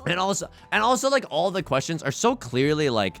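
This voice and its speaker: Lively, gravelly man rambling over gameplay. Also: a little high, brisk. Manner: rambling, chatty, with frequent restarts and laughs. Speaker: Let's Play host. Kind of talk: casual gameplay commentary. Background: faint game music.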